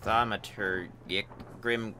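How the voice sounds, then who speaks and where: A young man playing a game talks slowly in a low voice, cursing and joking at what he sees. Keyboard typing is clearly heard behind him. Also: steady tone, bright, forceful tone, slight background noise. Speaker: gamer. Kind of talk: casual gameplay commentary.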